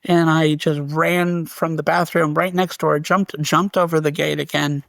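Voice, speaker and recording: A man with a gravelly, fry-tinged voice tells a personal story as an interview guest. He talks casually and animatedly, restarting sentences and laughing briefly. The sound is dry and close. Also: fairly high pitch, little pitch movement, a little slow, fairly bright tone, dry recording.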